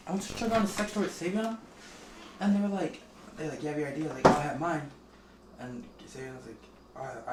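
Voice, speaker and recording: Young guy podcast cohost, rambly laid-back chat, far from the mic, noisy background. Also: mid-range voice. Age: young adult. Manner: rambling, laughing storyteller. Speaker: podcast co-host. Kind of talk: casual chat. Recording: echoey room, distant mic, clear background noise.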